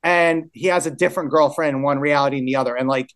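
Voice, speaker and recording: A man's voice: a little high, fast. A man telling an improvised story in casual podcast chat, laughing often and rambling with fillers.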